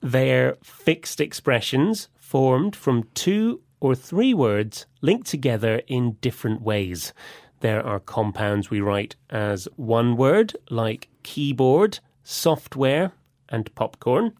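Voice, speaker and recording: A man co-hosting a radio lesson, explaining vocabulary slowly and clearly. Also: medium pitch, animated, darkish tone, no room sound, clean studio sound. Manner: slow, clear, deliberate explanations. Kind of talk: scripted teaching presentation.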